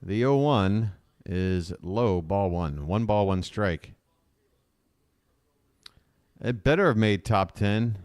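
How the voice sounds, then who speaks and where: A man calls a baseball game live for his stream, rambling between pitches and jumping up when a ball is hit hard. His voice sits low and comes through smooth and clear. The sound is dry and close, with no room around it. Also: slow, no echo. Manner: chatty, rambling, excitable on big swings. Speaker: fan play-by-play streamer. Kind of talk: live baseball play-by-play and commentary.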